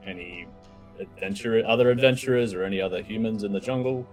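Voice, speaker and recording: A man playing a tabletop game, halting and self-amused. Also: lowish voice, a little mellow, soft background music. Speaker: player. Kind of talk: casual tabletop play.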